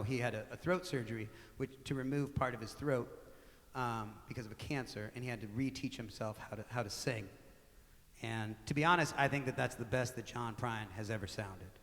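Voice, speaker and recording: A man with a mid-range voice tells stories between songs on a club stage, chatty and animated as he acts out what people said. He speaks into a stage microphone, and his voice rings with the long reverb of the live room. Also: medium pitch. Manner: animated, conversational, with laughs and acted-out quotes. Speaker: singer-songwriter telling stories on stage. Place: small live music venue with audience.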